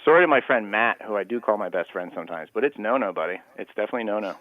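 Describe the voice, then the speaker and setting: Radio guest on a phone line: a low-voiced man, earnest and rambling. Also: expressive, rapid-fire, dry recording. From Canada. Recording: dry, tinny phone line.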